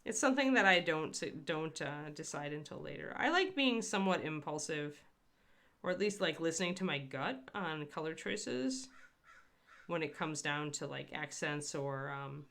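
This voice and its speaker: A woman's voice: deep voice, expressive, normal speed, vocal fry, fairly bright tone. A woman hosting a casual painting demonstration, chatty and rambling as she answers viewers in a live chat. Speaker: miniature painter hosting a livestream.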